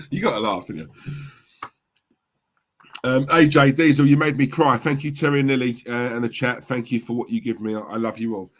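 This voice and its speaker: A middle-aged man hosts a live football watchalong, reacting loudly to the play and reading out the chat. His voice sits in an ordinary middle pitch for a man. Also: normal speed, pauses often. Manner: animated, reacts loudly to goals and reads chat.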